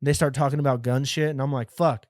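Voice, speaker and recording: A young American man hosting a comedy podcast, rambling through a profane, animated monologue full of restarts. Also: medium pitch, fast, dry recording, clean studio sound. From United States. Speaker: podcast host.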